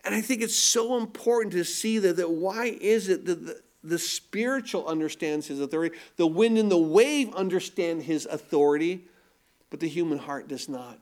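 A man's voice: sits high, normal speed, a little mellow. A man preaching a sermon as pastor, emphatic and asking the congregation rhetorical questions.

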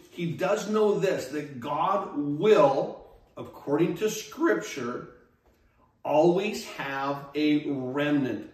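A man with a fairly high voice preaches a sermon and acts out the people in the scripture with dramatic flair. He stands some way back from the mic, and the room rings with echo. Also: a little mellow, far from the mic. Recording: echoey room, speaker away from mic.

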